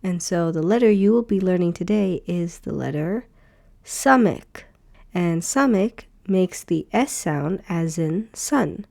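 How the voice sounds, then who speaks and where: Woman, teacher, beginner lesson, patient, repeats sounds, mellow tone. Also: on the low side, animated, a little slow, gravelly, hardly any pauses. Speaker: Hebrew teacher.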